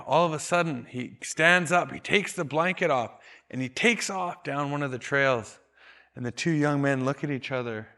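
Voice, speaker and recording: A Canadian man, a storyteller and educator, telling a traditional story in a calm, measured way, slowing down for emphasis. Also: mid-range voice. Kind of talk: oral storytelling.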